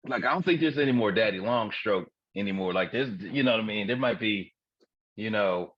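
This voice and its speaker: A man's voice: lowish voice, fairly bright tone, husky, no room sound. A man in his forties, co-hosting a podcast in candid comedic chat, frank and profane, often laughing at his own jokes. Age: 40s. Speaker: podcast co-host. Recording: dull dry lo-fi recording.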